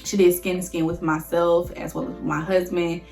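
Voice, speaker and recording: A young woman talks straight to her viewers in a relaxed, chatty storytelling style, her voice a little low for a woman. She gets emotional easily and keeps calling her audience y'all. Faint music plays softly underneath. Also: normal speed, creaky. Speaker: vlogger. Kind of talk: casual storytelling to camera.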